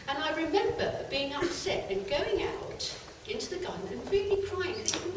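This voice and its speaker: A middle-aged woman telling stories to a live audience in a lively, animated way. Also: very high-pitched, moderate pace, background noise. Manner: lively, animated storytelling with bursts of laughter. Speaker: channeler giving a talk. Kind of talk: storytelling talk to a live audience. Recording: very echoey hall, voice far off.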